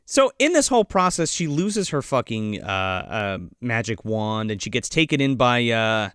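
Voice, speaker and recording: A podcast co-host rambles through a movie recap, swearing freely and trailing off into fillers. The pitch moves in a lively way, and the recording is dry and close. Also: normal speed, clean tone, dry recording. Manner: rambling, profane, full of fillers and acted-out quotes. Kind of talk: casual movie recap chat.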